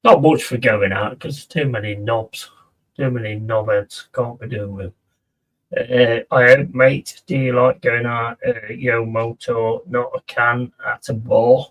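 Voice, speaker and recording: A man's voice: medium pitch, steady tone, unhurried, far from the mic. A man chatting casually on a live stream, reading out and answering viewers' messages and swearing freely.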